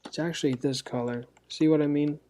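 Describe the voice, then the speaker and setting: A man's voice: fairly high pitch, steady tone, a little fast, warm tone. A man from South Florida chatting goofily to himself and viewers while coloring, with sound-effect words. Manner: goofy, rambling self-talk with sound effects. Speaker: artist coloring on stream. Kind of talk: casual chat while drawing.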